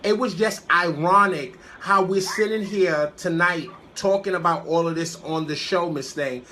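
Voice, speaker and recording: A woman's voice: on the low side, a bit bright, slight background noise. A woman hosting an online call-in radio show, ranting brashly with heavy, repetitive cursing. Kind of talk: profane call-in radio rant.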